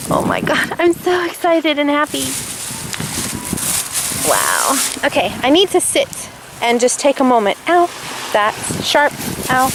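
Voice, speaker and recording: Gushing high-voiced woman on a windy beach. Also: slow, creaky, long pauses. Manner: gushing, gasping with excitement. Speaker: vlogger. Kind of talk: casual vlog narration. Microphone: handheld camera. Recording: loud wind noise outdoors. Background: wind and water.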